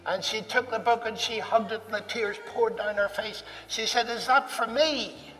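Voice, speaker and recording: High-voiced man telling a story in a hall. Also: moderate pace, faint music behind. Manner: animated, acts out dialogue. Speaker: speaker recounting a personal story. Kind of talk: anecdotal storytelling talk. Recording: distant mic in a reverberant hall.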